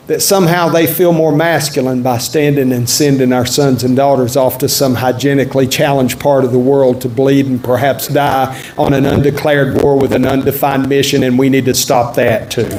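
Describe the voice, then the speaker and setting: A man's voice: medium pitch, little pitch movement, normal speed, a little mellow, a little hiss or hum. A man, a politician speaking at a town-hall event and taking questions in a blunt, folksy, joking way. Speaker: politician answering audience questions. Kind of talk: campaign town-hall speech and Q&A. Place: event room at a resort. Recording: echoey room with faint ambience.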